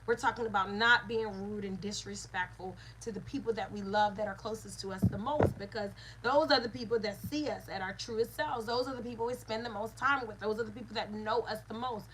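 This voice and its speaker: A woman's voice: mid-range voice, steady tone, fairly quick, hardly any pauses, noisy background. A woman, a mother and spiritual teacher, giving an earnest lesson with repeated phrases and call-and-response. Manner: earnest, repetitive teaching cadence.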